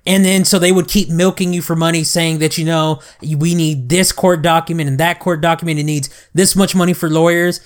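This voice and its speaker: A man hosting a casual chat, explaining a story in a quick, wry way with casual swearing. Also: fairly high pitch, fairly even intonation.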